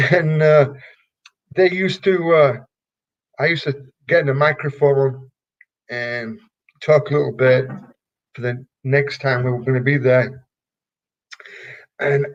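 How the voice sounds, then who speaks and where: A man's voice: mid-range voice, dull audio. An older man from England with a Yorkshire accent, telling rambling stories in an interview, full of fillers and restarts. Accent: Yorkshire English. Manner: rambling, halting, many fillers. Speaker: retired wrestler, guest. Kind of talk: casual storytelling interview.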